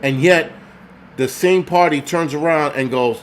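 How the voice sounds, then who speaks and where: A man's voice: mid-range voice, moderate pace, fairly bright tone, a little hiss or hum. A man vlogging, delivering an angry, profane, rambling rant to his viewers. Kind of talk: casual rant to camera.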